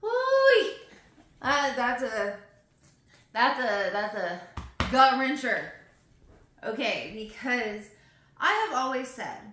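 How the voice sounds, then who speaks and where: A young woman reading poems aloud slowly and expressively, breaking off into emotional, chatty asides. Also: fairly high pitch, expressive, bright, forceful tone, slight background noise. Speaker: poetry reader. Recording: roomy echo.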